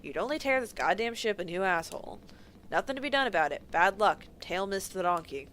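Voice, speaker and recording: Woman putting on a gruff old drawling man. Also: mid-range voice, lively intonation, brisk, a bit bright, slight background noise, natural voice. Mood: gruff, dismissive. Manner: folksy, gruff, dismissive. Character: cranky old male ship captain, drawling and boastful.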